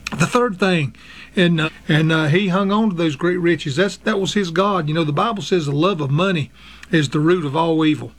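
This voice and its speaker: Man preacher, slightly higher voice, earnest sermon delivery, fillers between scripture readings. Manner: earnest, halting with frequent fillers, reads scripture in King James wording. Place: radio broadcast.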